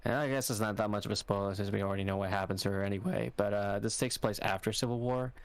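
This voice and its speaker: A man's voice: fairly low pitch, fairly even intonation, quick pace, gravelly, dry recording. A young man co-hosting a podcast, talking in a rambling, hesitant way with lots of fillers. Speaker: podcast co-host. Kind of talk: casual chat.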